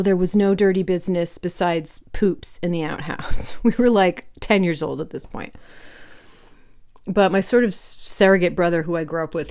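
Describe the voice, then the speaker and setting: Woman food vlogger, lowish voice, rambling casual storyteller talking between bites. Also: darkish tone. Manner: chatty, rambling, laughs while eating.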